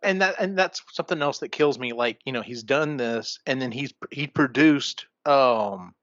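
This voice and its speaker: A man's voice: medium pitch, normal speed, fairly bright tone, no echo. A man co-hosting a podcast, chatting casually and enthusiastically, often laughing. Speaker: podcast co-host. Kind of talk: casual chat. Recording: dry, dull lo-fi sound.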